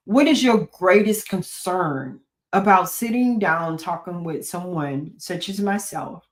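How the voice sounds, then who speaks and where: A woman's voice: on the low side, a little slow. Preachy woman therapist talking to listeners. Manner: preachy, repeats phrases, asks rhetorical questions; folksy, joking asides. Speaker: therapist and podcast host. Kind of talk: solo talk to listeners.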